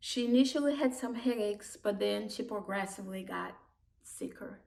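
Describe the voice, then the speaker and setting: A woman telling a personal story about her own life in a halting, emotional way, with broken restarts. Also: medium pitch, gravelly, darkish tone. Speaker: immigrant community worker. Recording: voice distant from the mic.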